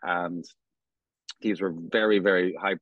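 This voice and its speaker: Irish man, lowish voice, rambling storyteller, dead-dry dull lo-fi recording. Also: fairly even intonation, no echo. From Ireland. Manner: rambling, halting, many restarts and fillers. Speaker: company founder, guest. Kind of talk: casual storytelling interview.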